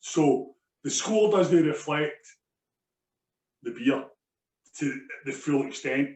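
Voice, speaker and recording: A man's voice: fairly high pitch, lively intonation, slow pace, darkish tone, roomy sound, recorded from a distance. A Scottish man co-hosting a casual beer review podcast, chatty and repeating himself as he talks. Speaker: podcast co-host.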